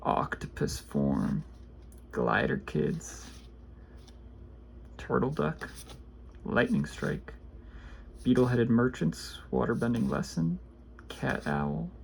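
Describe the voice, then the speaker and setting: A man casually opening trading card packs, reading card names aloud and chatting about them in a rambling, low-key way. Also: animated, takes it slowly, gravelly, pauses often, slight background noise. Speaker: card pack opener. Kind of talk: casual pack-opening commentary.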